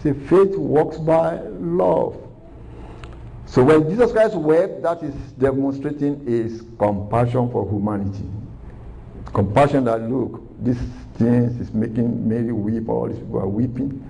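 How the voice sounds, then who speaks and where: A man's voice: medium pitch, normal speed, gravelly, dark tone, low-quality recording. A man preaching a recorded sermon, earnest and repetitive, asking rhetorical questions.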